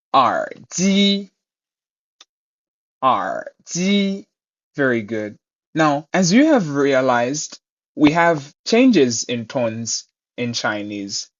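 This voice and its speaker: A man teaching Mandarin pronunciation, saying each word twice and explaining it clearly. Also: medium pitch, lo-fi sound. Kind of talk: pronunciation lesson.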